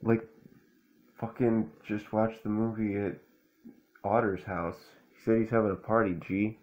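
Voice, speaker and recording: A man's voice: fairly low pitch, steady tone, measured pace, lo-fi sound. A man reading a children's picture book aloud and breaking off for crude, slangy, laid-back commentary. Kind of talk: stoned commentary over a storybook reading.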